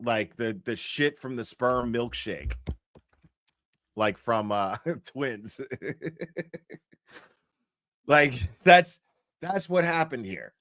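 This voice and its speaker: A man's voice: mid-range voice, lively intonation, slow, a bit bright, no echo, clean studio sound. A man giving profane, blunt commentary on video clips as a streamer, swearing often.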